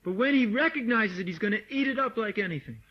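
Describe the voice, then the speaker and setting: High voiced guy preaching loose and lively, acts out people, dull 70s tape. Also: fast. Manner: animated, mimics voices, laughs often. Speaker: swami giving a lecture. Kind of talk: informal lecture to devotees. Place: meditation hall or farmhouse room. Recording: dull lo-fi 1979 tape recording.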